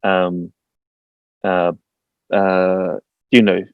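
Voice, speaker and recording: A man's voice: sits low, very slow, clean tone, no echo. New man with a dull, dry sound. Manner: animated storyteller, says "bro" a lot. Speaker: guest, TV presenter. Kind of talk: casual interview chat. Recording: dull lo-fi stream audio.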